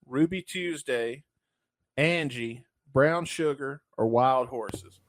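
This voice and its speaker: A man co-hosting a casual podcast and reading quiz questions, loud and crude with lots of joking. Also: mid-range voice, slow pace. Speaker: podcast co-host.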